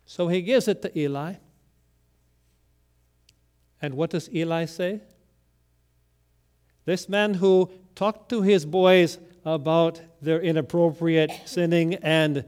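A man preaching a sermon in a high voice, moving deliberately from loud emphasis to hushed, quiet lines. His delivery is slow and measured. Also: clear, resonant tone. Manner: deliberate, with dramatic swings between loud emphasis and near-whispered lines. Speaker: pastor.

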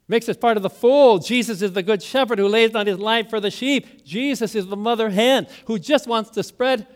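High-voiced pastor preaching in hushed swells. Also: male voice. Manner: storytelling preacher, drops to a hushed voice on key words. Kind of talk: sermon.

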